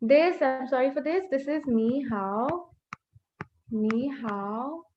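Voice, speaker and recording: A young woman teaching a language class in an online webinar, slowly repeating words to demonstrate tones. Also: high-pitched, darkish tone, slight background noise. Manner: slow, drawn-out tone demonstration with repetition. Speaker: Mandarin teacher. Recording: dull lo-fi online call audio.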